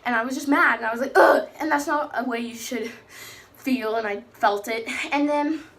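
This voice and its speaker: A teenage faith vlogger talks casually and personally about her beliefs in a somewhat high, slightly bright voice at a normal pace. She's chatty and rambling, often correcting herself mid-sentence.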